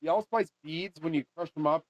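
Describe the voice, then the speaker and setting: A vlogger makes a money charm while rambling through a casual monologue, swearing often and trailing off mid-thought. His voice is a little high and brisk, with no echo, and the recording sounds dull, lo-fi and dry.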